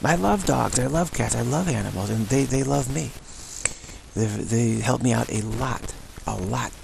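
A man's voice: mid-range voice, normal speed, creaky, noisy background. A male yoga teacher giving a rambling spiritual talk, emphatic and full of repetition. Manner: emphatic, repeats himself.

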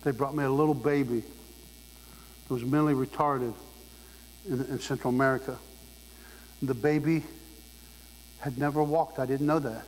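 A man's voice: mid-range voice, fairly even intonation, normal speed, long pauses. A male preacher delivering a sermon, emphatic and exhorting his congregation. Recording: long hall reverb with faint mains hum.

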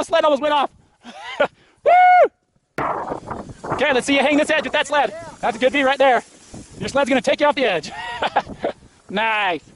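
A man with a very high, lively voice films his friends outdoors on a snowy hill. He cheers and teases them in unhurried bursts of excited commentary, recorded on a handheld camera with faint noise behind him. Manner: cheering, teasing, laughing often. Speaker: friend filming a ski trip.

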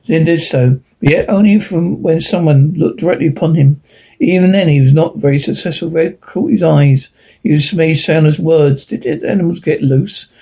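A man's voice: fairly high pitch, normal speed, vocal fry, warm tone, breathy edge, poor audio. A man reading a short story aloud, often slipping on a word and correcting himself. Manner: frequent slips and self-corrections. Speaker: narrator.

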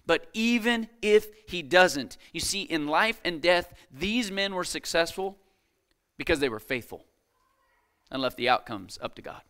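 A man preaching a sermon at a church service, his voice a little high and strikingly smooth and crisp. He is emphatic, repeating key phrases for weight and calling out to the congregation, and builds intensity as he reads scripture aloud. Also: lively intonation, a little slow, bright, forceful tone. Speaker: guest preacher.

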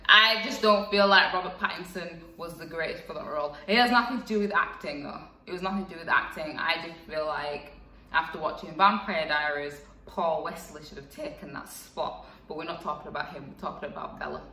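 A woman's voice: deep voice, brisk, pushed and bright, recorded from a distance. A young woman in her twenties, chatting frankly in a casual vlog, with lots of fillers. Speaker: vlogger. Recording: echoey room, voice a bit off-mic.

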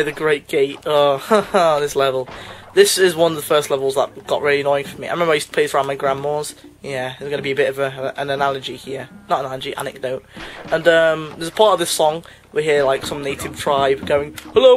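A man's voice: fairly high pitch, level tone, brisk. A young British man giving casual let's play commentary, rambling, correcting himself and laughing at himself as he talks. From Britain.

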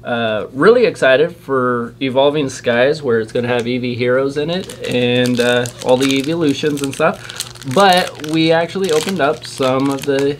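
This is a man in the middle of an unboxing chat, eagerly rattling off card after card. His voice sits at an ordinary mid pitch. A faint noise floor hums under the recording. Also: moderate pace. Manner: chatty and eager, reels off card names. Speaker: channel host opening trading card packs. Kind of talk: casual chat while unboxing.

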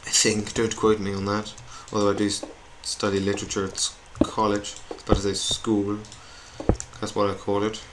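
Keyboard clicks and noise fill this home recording of a young gamer's commentary. He talks fairly quickly in a monotone, lowish voice, rambling and mocking himself while he plays.

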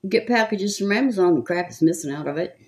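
A woman's voice: fairly low pitch, expressive, fast, slight background noise. An older woman with a Southern accent, chatting casually and gossiping as she does her makeup. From California. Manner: chatty, gossipy, rambling with frequent laughs. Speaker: makeup vlogger. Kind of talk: casual chat while doing makeup.

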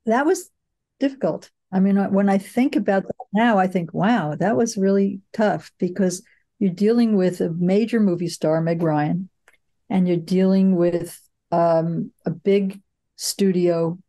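An older woman, a film producer, answering interview questions in a reflective, storytelling way with frequent pauses and fillers. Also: medium pitch, mellow. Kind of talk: conversational interview.

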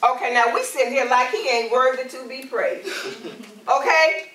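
A woman's voice: sits high, normal speed, fairly bright tone. A woman evangelist from Alabama, preaching and praying while calling out to the congregation. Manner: calls out to the congregation, rising and emphatic. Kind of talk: sermon and prayer. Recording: roomy and distant from the mic.

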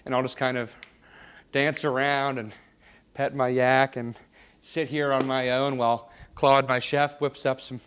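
A man's voice: medium pitch, flat delivery, unhurried, fairly bright tone, clear, resonant tone, close to an everyday voice. A man playing a smug, rambling rich guy. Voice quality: boastful, rambling, mock-sentimental. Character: smug, oblivious rich young man showing off his loft. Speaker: comedic character giving a home tour. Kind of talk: improvised parody home-tour sketch. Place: apartment loft, walking room to room.

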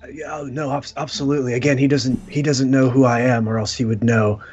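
A man's voice: mid-range voice, fairly even intonation, quick pace, muffled recording, music in the background. A man playing a boastful character in a tabletop game, rambling and stumbling. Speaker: player. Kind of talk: tabletop role-play, in character.

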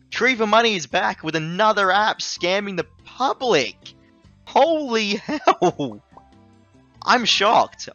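Young Aussie guy, bright and forceful, ranting app reviewer; slightly dull recording with faint music under it. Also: on the high side. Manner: exasperated, ranting, swings loud and excited.

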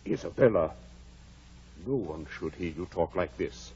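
An actor playing a blunt but caring older country doctor in a 1940s radio drama, wry and then gravely earnest. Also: male voice, low-pitched, lively intonation, unhurried, darkish tone, full character voice. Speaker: Doctor Kenneth. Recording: dull, faintly hissy 1940s radio broadcast.

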